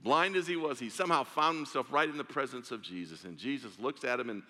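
A man's voice: medium pitch, lively intonation, quick pace, bright, forceful tone, long reverb tail. A man preaching a sermon, telling a story with drama and acting out the voices of its characters. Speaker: pastor.

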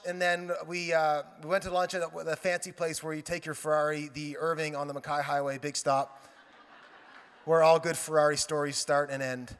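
A male pastor preaching a sermon, telling a lively story with quoted dialogue and joking asides. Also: high-pitched. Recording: reverberant hall.

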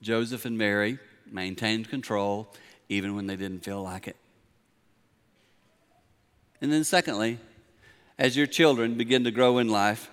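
A middle-aged man, preaching a sermon in a large church, moving from quiet storytelling to emphatic points. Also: mid-range voice, clean tone. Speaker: pastor. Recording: long hall reverb.

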